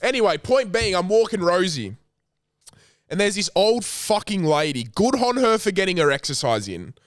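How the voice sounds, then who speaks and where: Aussie podcast co-host, higher-pitched, lively, cusses as he tells it, dry studio sound. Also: normal speed, dry recording. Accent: Australian. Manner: swears freely, animated storytelling. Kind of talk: casual chat.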